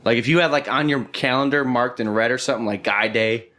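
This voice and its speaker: A young adult man hosting a podcast, telling stories in an animated, profane way and saying "dude" and "bro" a lot. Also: medium pitch, fairly quick. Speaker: podcast host. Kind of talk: casual storytelling chat.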